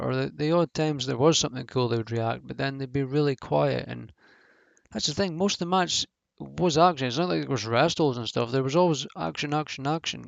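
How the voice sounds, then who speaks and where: A man's voice: mid-range voice, gravelly, no echo, muffled recording. A man giving a casual, rambling review of a wrestling show, blunt and swearing freely, with lots of fillers.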